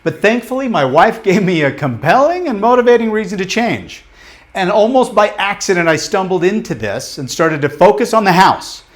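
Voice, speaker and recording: A man coaching a live group in a motivational workshop, talking bluntly and emphatically, with casual swearing and rapid questions to the room. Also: high-pitched, expressive. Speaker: business coach leading a training.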